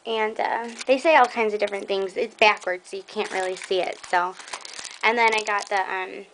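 Chatty excited woman showing off craft supplies. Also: mid-range voice, normal speed, a little hiss or hum, poor audio. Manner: chatty, excitable, rambling with many ums. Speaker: scrapbooking vlogger. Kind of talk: casual show-and-tell haul video.

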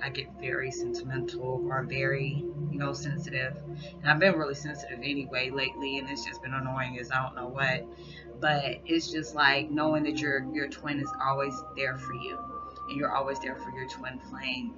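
Woman vlogger talking spiritual stuff, rambly and soft, lots of "you know", muffled lo-fi sound with music playing behind. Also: rumbling low. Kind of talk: casual heartfelt monologue. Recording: dull lo-fi recording with background music. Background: soft background music.

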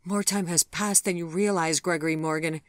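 An audiobook reader voicing Vivian, a flustered grandmother who teases and then squirms, in a higher voice than the narration. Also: fairly even intonation, normal speed, dry recording, clean studio sound, natural voice. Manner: teasing, then awkward and defensive. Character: flustered new grandmother, a woman.

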